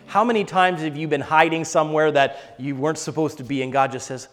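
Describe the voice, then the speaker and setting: A man delivers a sermon in a noticeably high voice. He swings between fervent, loud exhortation and soft, hushed retelling of scripture. His voice rings out with a long reverb, as in a church sanctuary. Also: fairly even intonation, fairly quick, few pauses. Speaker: preacher.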